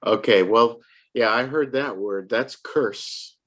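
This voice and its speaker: A woman gives a one-on-one pronunciation lesson, her voice sitting very low. She speaks slowly and patiently, repeating each word clearly and asking for it back. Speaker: English tutor.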